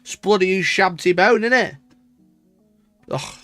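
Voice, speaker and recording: This wargaming channel host has a high-pitched, fairly bright voice and takes his time, with faint music playing behind him. Chatting casually on his live stream, he reads and reacts with swearing, mock-indignant rants.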